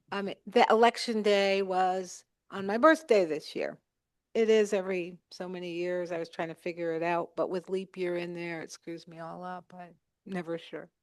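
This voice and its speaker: A woman's voice: mid-range voice, clear, resonant tone, dry recording, studio quality. A woman acting as timer at a club meeting, chatty and then matter-of-fact. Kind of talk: meeting role report.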